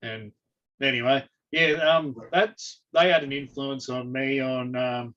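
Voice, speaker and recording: A young Australian man chatting casually as a guest, relaxed and quick to chuckle. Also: medium pitch. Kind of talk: casual chat on a livestream. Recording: dull lo-fi stream audio.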